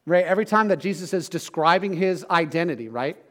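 A middle-aged male pastor preaches a sermon in a slightly high voice. He talks to the congregation as if chatting, tossing in quick "right?" asides and dropping soft and low on key lines. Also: animated.

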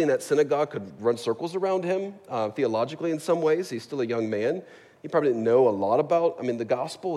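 A man with a warm, medium-pitched voice preaches in a church sanctuary, keeping his sermon loose and jokey and often turning to the congregation with "right?" A long hall reverb trails his voice.

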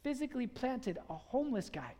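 Lively preacher in a reverberant hall. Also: medium pitch, brisk. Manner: energetic and conversational, has the congregation repeat phrases; casual filler "like" throughout. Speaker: pastor. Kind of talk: sermon.

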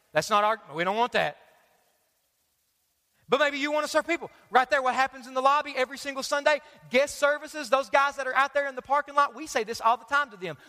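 A pastor gives a lively, joking sermon, addressing the congregation directly. His voice is very high and bright. Long hall reverb surrounds him. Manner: energetic, joking, talks straight to the crowd. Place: large church auditorium.

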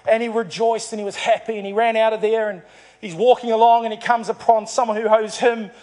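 A man's voice: high-pitched, level tone, fairly quick, darkish tone. A man preaching a sermon to a congregation, telling a story and acting out its dialogue. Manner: storytelling, acts out dialogue in the parable. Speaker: pastor.

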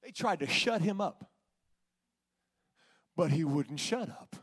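A male preacher delivering a sermon, swinging between shouted exhortation and hushed, drawn-out lines. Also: fairly high pitch, expressive, husky.

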